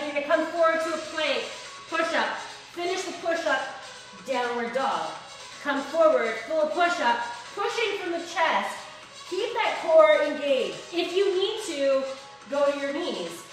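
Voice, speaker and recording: A woman instructor leading a live workout class, upbeat and encouraging, counting reps and a little out of breath. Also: high voice. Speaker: fitness instructor. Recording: echoey room, mic at a distance, music behind.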